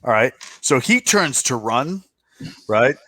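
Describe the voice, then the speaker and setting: A man's voice: mid-range voice, sing-song, slow pace, sharp tone. A man narrating a tabletop game as game master, in a loose, chatty way with many check-ins. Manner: loose, filler-heavy narration with frequent "right?" check-ins.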